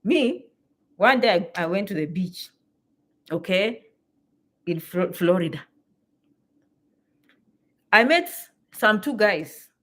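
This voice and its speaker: A woman, telling stories to her viewers in a lively, exclamatory way and repeating phrases for emphasis. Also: medium pitch, slow pace, long pauses. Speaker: vlogger. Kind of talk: animated storytelling to camera.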